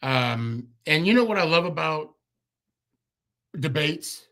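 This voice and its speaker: A man hosting a sports fan podcast, closing the show with loose, rambling thank-yous and shout-outs to listeners. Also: fairly high pitch, expressive, takes it slowly. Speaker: podcast host. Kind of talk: casual sign-off chat.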